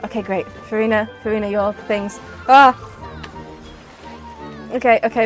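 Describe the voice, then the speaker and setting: High-voiced chatty woman. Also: unhurried, pauses often, soft background music. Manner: chatty, rambling, bursts into excited exclamations. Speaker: streamer. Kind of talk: casual gameplay chatter.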